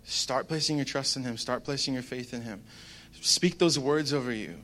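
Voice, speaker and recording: A man's voice: mid-range voice, moderate pace, a bit bright. A young man giving a casual devotional talk, rambling and conversational with plenty of fillers. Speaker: Christian speaker.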